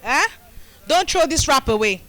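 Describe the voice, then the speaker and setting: Bright, high-voiced Nigerian woman educator. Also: lively intonation, normal speed, no echo, low-quality recording. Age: middle-aged. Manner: rousing, call-and-response, coaxing the crowd. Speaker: community health educator. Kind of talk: live demonstration talk to a group. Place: community gathering.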